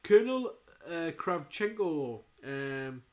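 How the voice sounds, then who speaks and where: A man with a slightly higher voice co-hosts a podcast. He talks casually and quickly, and keeps cracking jokes. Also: big pitch swings, a little mellow. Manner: chatty, jokey, quick asides. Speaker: podcast co-host. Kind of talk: casual chat.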